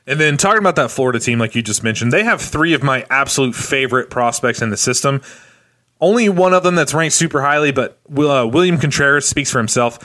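Male podcast co-host, mid-pitched voice, excitable fan energy, loose conversational delivery. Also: fast. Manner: enthusiastic, animated fan talk. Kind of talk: casual sports chat.

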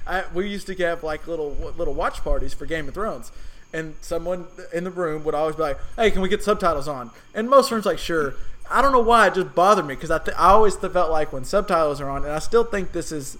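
A man's voice: a little high, fast talker, fairly bright tone, rough recording. A young man hosting a casual chat, wry and joking as he talks through a long story. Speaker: podcast host.

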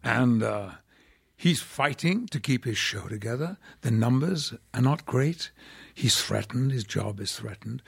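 An older man, an actor who is a guest on a podcast, telling stories in a measured, wry way. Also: medium pitch, creaky, husky. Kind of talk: casual podcast interview.

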